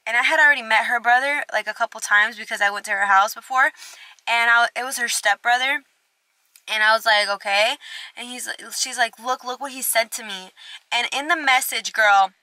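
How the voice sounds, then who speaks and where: Here a fairly high-voiced young woman recounts a storytime vlog at a moderate pace, cursing a lot and voicing every person in the exchanges with plenty of expression. There's no echo on the audio.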